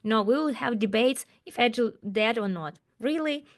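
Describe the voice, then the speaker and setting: A woman speaking as an as an interview guest, talking about her work with emphatic, animated rhetorical questions. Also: a little high, normal speed. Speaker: guest, agile coach. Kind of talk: interview conversation.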